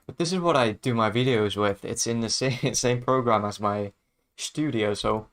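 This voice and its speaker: A man's voice: medium pitch, normal speed, a bit bright. A man chatting casually on his livestream as a music producer, laid-back and chuckling often, trailing off mid-sentence.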